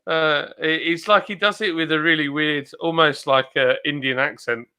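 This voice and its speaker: A man's voice: fairly high pitch, fairly even intonation, moderate pace, bright, forceful tone, clear, resonant tone. A man hosting a casual livestream, chatting and reading viewers' comments aloud in a rambling way. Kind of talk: casual chat.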